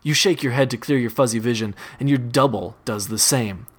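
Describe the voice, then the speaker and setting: A man narrating an interactive second-person story in a wry, deadpan way, often breaking into laughter. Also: medium pitch, a little fast, breathy edge. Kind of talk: second-person choose-your-path narration.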